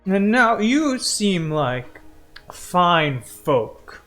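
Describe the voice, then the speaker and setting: A man's voice: high voice, big pitch swings, very slow, a bit bright, soft background music, full character voice. A man voicing an eager, evasive male centaur groom who fumbles and over-explains. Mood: friendly. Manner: nervous, fumbling, overly cheerful.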